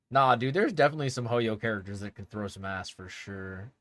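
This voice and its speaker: A man's voice: mid-range voice, steady tone, fast, hardly any pauses, fairly bright tone, no room sound, clean studio sound. A young man streaming and chatting casually with his viewers in a rambling way, laughing often.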